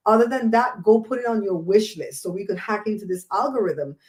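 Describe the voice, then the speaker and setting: A woman hosting a casual livestream chat, animated and preachy, with a mellow voice, often laughing. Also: mid-range voice, a little fast, hardly any pauses. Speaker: host.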